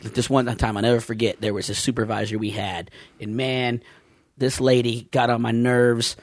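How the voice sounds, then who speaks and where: A man's voice: medium pitch, little pitch movement, normal speed, no room sound, studio quality. A man co-hosting a casual podcast, joking and telling laid-back stories about work. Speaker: podcast co-host.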